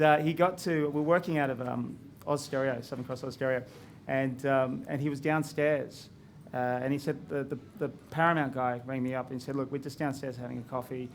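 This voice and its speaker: A man's voice: mid-range voice, fairly even intonation, moderate pace, a little hiss or hum. A man, a filmmaker telling stories about his film in a casual chat at a screening. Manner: chatty storytelling with laughs.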